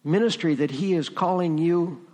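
A man's voice: fairly high pitch, moderate pace, darkish tone. Man preaching in a reverberant church. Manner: conversational preaching with rising emphasis. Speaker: pastor. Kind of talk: sermon.

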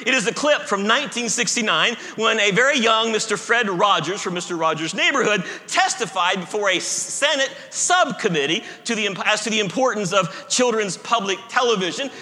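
A male pastor preaching a sermon, emphatic, stretching key words with slow pauses and slipping in self-deprecating humor. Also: sits high, pushed and bright. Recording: echoey hall reverb.

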